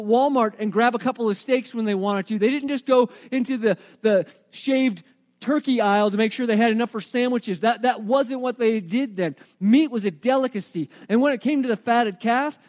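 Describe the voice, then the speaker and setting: A male preacher with a strikingly high voice delivers a sermon. He retells the story with animated energy, throwing rhetorical questions at his listeners.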